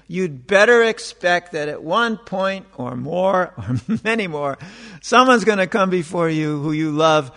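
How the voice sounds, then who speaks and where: A man's voice: sits high, a bit bright, big-room sound. A man giving an informal spiritual talk, speaking conversationally and acting out the voices of the people he quotes, growing exasperated at times. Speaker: spiritual teacher.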